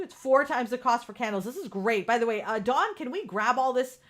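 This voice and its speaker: A woman's voice: on the high side, lively intonation, normal speed. Candid, profane woman coaching live. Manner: candid and profane, laughs often, reads out viewer comments. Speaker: podcast host. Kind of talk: casual live-stream coaching talk. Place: home room with ring light.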